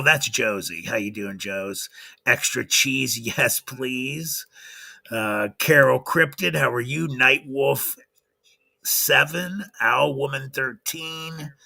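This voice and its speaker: Gravelly slow-talking man. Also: medium pitch, pushed and bright. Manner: greets viewers by name one after another. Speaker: livestream host. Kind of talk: casual livestream chat.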